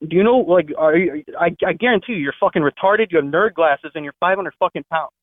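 A man's voice: a little high, fast, no room sound. A man on a phone call, angry, profane and threatening, ranting at the person who left him a note. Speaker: caller. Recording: tinny phone line.

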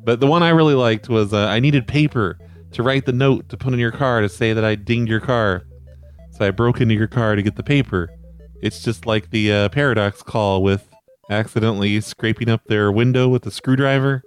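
Deadpan man teasing on a prank call. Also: lowish voice, normal speed, clean tone, faint music behind. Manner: calm, dry, mocking. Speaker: prank caller and host.

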